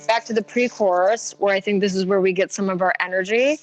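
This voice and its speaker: Woman guitar teacher, mid-pitched and chatty; her strumming runs underneath on a slightly muffled recording. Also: fairly even intonation, brisk, hardly any pauses. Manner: chatty, thinks aloud with fillers. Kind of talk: casual guitar lesson. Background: her own guitar playing.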